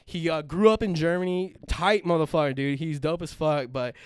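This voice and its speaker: A man's voice: a little high, normal speed, smooth, no echo. A young man co-hosting a podcast, telling a long story in a casual, profane, rambling way with lots of fillers and restarts. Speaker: podcast co-host.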